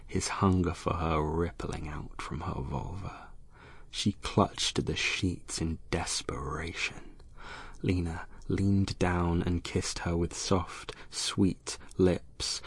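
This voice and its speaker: A man narrating an erotic audiobook in a slow, hushed, lingering delivery. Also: deep voice, breathy edge.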